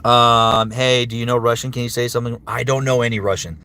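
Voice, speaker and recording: A man's voice: medium pitch, steady tone, sharp tone, clear, resonant tone. A man who works as a voice actor, chatting casually on a livestream and answering viewer comments with upbeat energy. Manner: chatty and upbeat, with frequent fillers and quick impressions. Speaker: voice actor streamer.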